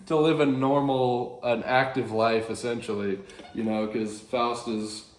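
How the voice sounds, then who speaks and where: A man's voice: medium pitch, steady tone, unhurried, echoey room. Rambling man explaining a play. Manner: rambling, chuckling, self-correcting. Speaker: video host explaining a play. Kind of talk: casual literature explainer.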